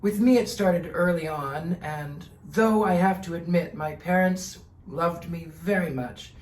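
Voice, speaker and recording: A man hosting his own channel, telling a personal story in an earnest, deliberate way with theatrical emphasis. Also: fairly high pitch, a little mellow, echoey room. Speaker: channel host. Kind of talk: personal monologue to camera.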